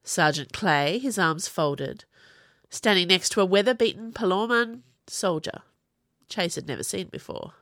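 Woman reading an audiobook, pretty low voice, swings up and down a lot, dry recording. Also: expressive, a little slow, a bit bright, dry recording. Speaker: audiobook narrator. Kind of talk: audiobook narration.

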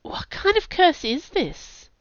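A woman's voice: very high-pitched, wildly swooping pitch, takes it slowly, dry recording, pitched above the performer's own voice, exaggerated voice. A woman voicing an earnest young man caught up in magic, on a dull lo-fi recording. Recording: dull lo-fi sound.

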